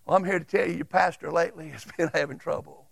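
A man, preaching a sermon as a Baptist pastor and reading scripture aloud with emphatic pauses. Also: fairly high pitch, steady tone, vocal fry, no echo.

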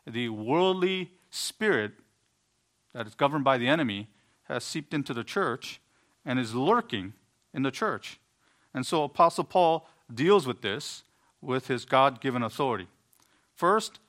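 A pastor delivers an earnest sermon, unpacking scripture with emphatic bursts that rise and the odd stumble. His voice is mid-range with a fairly bright tone.

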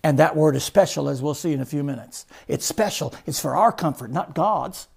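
A man preaching a sermon as pastor, moving between loud, emphatic declarations and hushed, stressed words, with a repetitive preaching cadence. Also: fairly high pitch, fairly quick, creaky, slightly rough.

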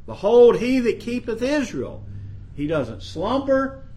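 Slow, earnest male preacher. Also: very high voice, sing-song, dark tone. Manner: slow, earnest, rising to emphasis on scripture quotes. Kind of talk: sermon.

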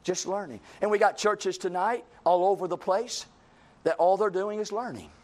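High-pitched guy preaching, folksy and emphatic, keeps repeating himself. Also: normal speed, a little mellow. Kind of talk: sermon.

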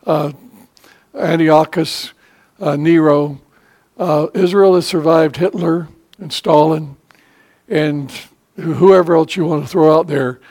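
An older man preaching a sermon as pastor, conversational and emphatic, with frequent pauses to gather his words. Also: a little high, a little mellow. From United States.

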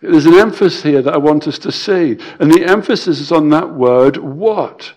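A man preaching a sermon, emphatic and repetitive, swinging between loud stresses and quiet drops, with some stammered restarts. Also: a little high, moderate pace.

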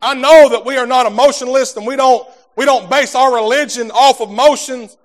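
A man's voice: extremely high pitch, steady tone, brisk. A man preaching a sermon in a folksy, fervent way, stumbling over repeated words as he talks to his congregation. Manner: fervent preaching, swells from soft talk to shouting.

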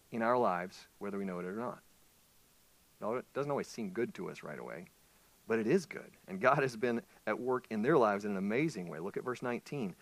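A male pastor preaching a sermon in an animated way, asking the congregation questions. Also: medium pitch, brisk, no room sound.

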